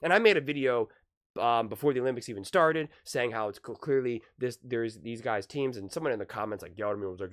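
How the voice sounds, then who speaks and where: A man with a sore, worn voice gives casual basketball commentary. He is excitable and emphatic, and he often restarts and repeats his points. His pitch sits in a middle range. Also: fast. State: sore voice from screaming.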